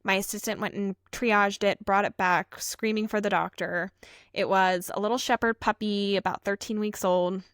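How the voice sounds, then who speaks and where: A woman's voice: medium pitch, steady tone, moderate pace, fairly bright tone, dry recording, studio quality. A woman co-hosting a casual podcast, an emergency vet tech telling her stories in an earnest, heartfelt way.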